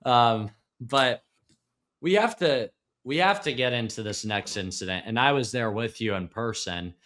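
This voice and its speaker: A man's voice: medium pitch, lively intonation, measured pace, fairly bright tone. A man hosting an interview, chatting casually with joking, sarcastic asides. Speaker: podcast host.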